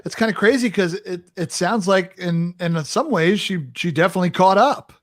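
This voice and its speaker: A man's voice: high voice, moderate pace, no room sound. A male talk show host asking questions in an easygoing, laughing way, with many "uh"s and restarts. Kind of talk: casual interview chat.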